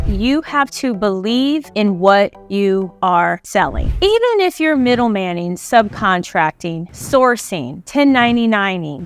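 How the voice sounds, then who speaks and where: A woman coaching on government contracting in a motivational teaching talk, emphatic and conversational, repeating key phrases for stress. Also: a little high. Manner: conversational, acts out quoted dialogue.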